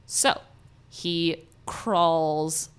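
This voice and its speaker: A woman with an Ohio American accent, retelling a story in casual, animated podcast chat with many filler words. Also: deep voice, drawn-out words, clear, resonant tone. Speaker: podcast co-host.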